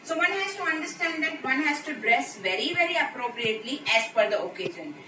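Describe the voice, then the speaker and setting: Woman, Indian English accent, lecture, high voice, echoey room, distant mic, noisy background. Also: expressive, a little fast. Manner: explanatory, repeats key terms. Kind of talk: lecture video.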